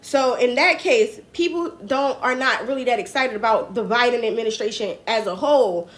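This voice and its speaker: A woman with a New Jersey accent hosts a laid-back political commentary livestream. She rambles in a chatty, slangy way and restarts her sentences often. Her voice sits a little high. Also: normal speed, a bit bright. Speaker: host.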